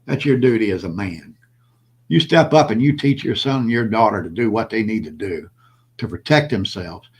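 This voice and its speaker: An older man hosts his own prepper channel, delivering an impassioned solo vlog monologue in a lowish, expressive voice with a breathy edge. He talks at a moderate pace, addressing viewers bluntly and preachily and hammering the same points again and again.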